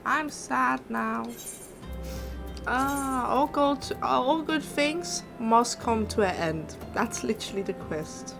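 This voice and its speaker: A woman's voice: a little high, slow, creaky, music in the background. A woman streamer giving casual gameplay commentary, speaking emotionally and often repeating herself.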